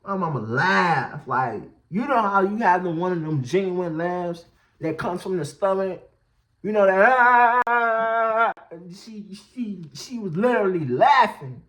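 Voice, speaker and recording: A man's voice: sits high, lively intonation, unhurried, fairly bright tone. A man telling a storytime vlog in slangy talk, laughing often as he goes. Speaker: vlogger.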